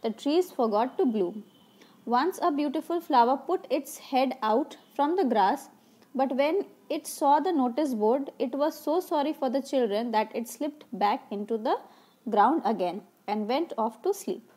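A woman teacher with a fairly high voice reads a children's story aloud to her class. After each passage she stops to retell it in plainer words. She asks the pupils simple questions, restarts her sentences and adds small fillers as she explains. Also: lively intonation, measured pace, a little mellow, husky. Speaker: school English teacher.

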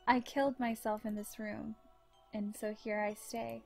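A woman voicing a quiet, melancholy ghostly boy pigeon from a visual novel, read softly in her own voice. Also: fairly high pitch, little pitch movement, unhurried, gravelly, soft background music.

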